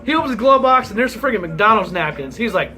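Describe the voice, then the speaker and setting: A man's voice: high-pitched, animated, fast talker, pushed and bright, rough recording. A man in his forties telling a rambling, profane story in a casual vlog, laughing as he goes. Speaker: vlogger.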